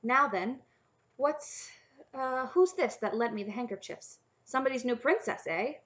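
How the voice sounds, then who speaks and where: Woman doing Roxham, a gruff old dragon. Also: fairly high pitch, normal speed, a bit bright, pitched above the performer's own voice, close to an everyday voice. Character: old hard-of-hearing male dragon, gruff, kindly. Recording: slightly dull lo-fi audio.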